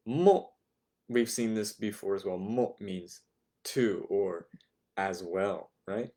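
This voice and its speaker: Slow, low-voiced man teaching a class. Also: darkish tone. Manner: patient, explanatory, repeats words for drill. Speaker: language teacher. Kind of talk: recorded online lesson.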